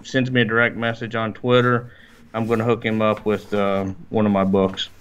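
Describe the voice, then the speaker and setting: A man's voice: lowish voice, level tone, moderate pace, a bit bright, clean tone, highs cut off. A man with a Southern US accent, an easygoing regular guest on a podcast, talking casually with many fillers.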